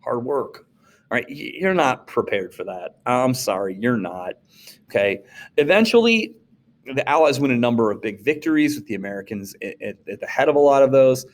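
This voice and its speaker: In a relaxed lesson, a man who teaches social studies performs quoted lines in brief, acted-out voices with sharp swings in pitch. His whole delivery is animated and full of play.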